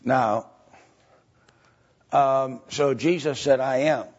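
A man teaching a Bible study lecture, halting with fillers and often checking in with "right?" and "okay?". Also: medium pitch. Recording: dull lo-fi recording.

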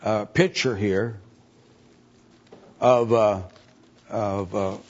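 Slow emphatic male preacher, husky. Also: on the low side, fairly even intonation. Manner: slow, rising to emphatic repeated questions; reads archaic scripture aloud. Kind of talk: sermon with scripture reading. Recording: dull lo-fi recording.

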